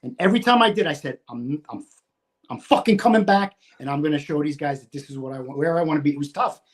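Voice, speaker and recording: In a casual chat, a fiftysomething retired firefighter from the United States races through a story in a fairly high voice. He's profane and animated, swearing freely and reenacting his own shouting.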